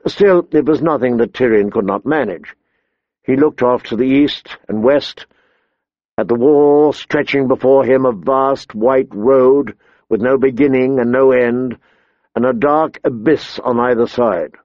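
A man narrating a story in a measured, even reading, in a dull lo-fi recording. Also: medium pitch, dry recording. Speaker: audiobook narrator. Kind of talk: scripted narration.

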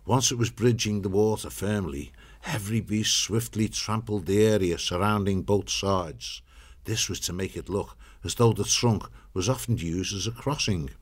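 Low-voiced male storybook narrator. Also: husky. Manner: steady, measured storytelling.

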